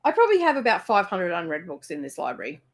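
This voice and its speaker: Animated Australian woman telling stories. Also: fairly low pitch, fast. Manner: animated storyteller, laughs often. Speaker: co-host of a live reading stream. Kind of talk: casual chat. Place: rural home library.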